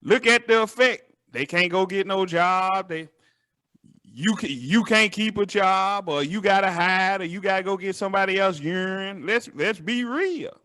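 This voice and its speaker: A man's voice: high-pitched, animated, moderate pace, bright, forceful tone. A man with a Southern American accent hosting a talk show, speaking earnestly and conversationally. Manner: earnest, conversational, preachy asides. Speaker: show host. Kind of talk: casual interview conversation.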